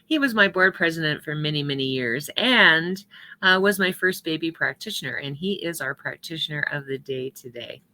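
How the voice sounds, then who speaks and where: Low-voiced woman minister with a bright tone. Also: expressive, moderate pace. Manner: chatty, laughs often, warm introductions with small asides. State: hiccups. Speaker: senior minister. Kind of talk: welcoming church announcements.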